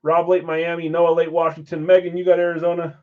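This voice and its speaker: A man hosting a live-stream card break, briskly calling out names and assignments with chatty asides in between. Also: fairly high pitch, monotone, narrow, tinny audio. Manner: brisk name-and-team roll call with chatty asides. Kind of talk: casual live-stream roll call.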